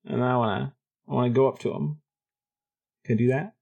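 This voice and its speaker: A man's voice: mid-range voice, fairly even intonation, brisk, vocal fry, darkish tone, dull audio. A man playing his musician character in a tabletop game, laughing a lot and swearing freely. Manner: laughs often, swears, slips into a put-on Australian-style character voice. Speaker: player.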